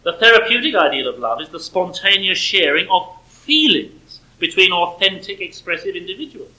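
Man, high voice, lecture-style sermon, measured, emphatic. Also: very animated, sharp tone, poor audio. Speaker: speaker.

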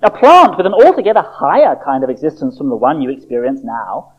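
A preacher voicing a kindly, fatherly male doctor who speaks gravely and reassuringly. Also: medium pitch, huge pitch swings, fairly quick. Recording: dull lo-fi recording.

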